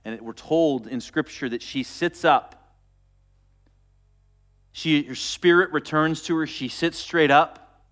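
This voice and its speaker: A man preaching a sermon, retelling a story and dropping to a soft, quiet voice for quoted words. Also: fairly high pitch, takes it slowly, long pauses. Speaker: pastor.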